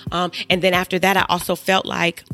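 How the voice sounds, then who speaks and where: A woman's voice: fairly low pitch, monotone, a little fast, pushed and bright, soft background music. A woman hosting a faith podcast, sharing a personal testimony in an earnest, emphatic way and speaking straight to her listeners. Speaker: podcast host.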